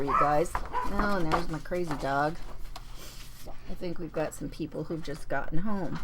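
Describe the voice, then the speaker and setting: Lively chatty woman hosting a craft demo. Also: lowish voice, heavy background noise. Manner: chatty, greets viewers by name. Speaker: paper-craft host. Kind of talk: live craft demonstration. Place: home craft desk.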